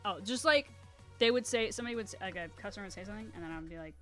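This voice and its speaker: A woman's voice: medium pitch, racing, soft background music. Rambling young woman streamer, chatty. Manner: rambling, animated storytelling with acted-out quotes and laughter. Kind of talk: casual chat while painting on a live stream.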